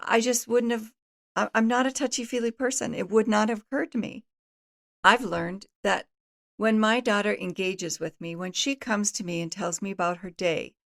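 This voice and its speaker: A woman's voice: medium pitch, gravelly. A middle-aged woman hosting an advice talk, giving earnest, instructive guidance in numbered steps. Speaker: host and family counselor.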